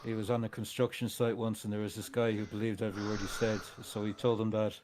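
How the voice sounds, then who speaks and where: A man's voice: lowish voice, level tone, noisy background. A man from Ireland with an Irish accent, co-hosting a live stream in casual, teasing chat. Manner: joking, teasing, quick laughs. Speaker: co-host.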